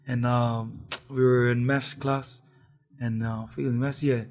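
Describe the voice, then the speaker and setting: A man's voice: mid-range voice, level tone, measured pace, a little mellow. A young man with a New Zealand accent, chatting casually as a guest with lots of slang and laughter. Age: young adult. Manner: laid-back, laughing, lots of slang and fillers. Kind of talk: casual chat.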